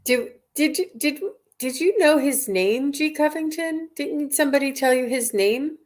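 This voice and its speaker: A woman hosting a live psychic question stream over a video call, chatty and warmly greeting viewers by name. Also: high-pitched, moderate pace. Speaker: psychic medium host.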